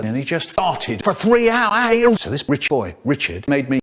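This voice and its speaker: Animated older storyteller. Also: male voice, fairly high pitch, moderate pace. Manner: animated, expressive, playful voices. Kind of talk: comic storytelling, cut up and remixed.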